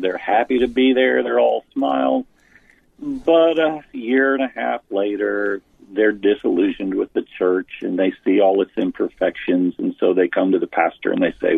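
A lowish, creaky voice with a breathy edge belongs to a male author and pastor being interviewed on church leadership. There's no room sound, though the audio is phone-line quality, and he explains himself earnestly while restarting often.

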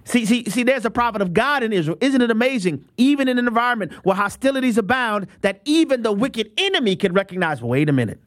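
A man's voice: extremely high pitch, expressive, fast talker, few pauses, a bit bright, dry recording, clean studio sound. A man preaching a sermon on the radio and making a fundraising appeal, emphatic and given to repeating words as he restarts.

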